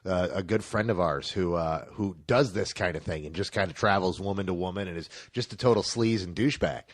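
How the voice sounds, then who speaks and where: A man's voice: low voice, a little fast. A man co-hosting a casual film review podcast, enthusiastic and fond of telling anecdotes. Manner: enthusiastic, tells anecdotes with emphasis.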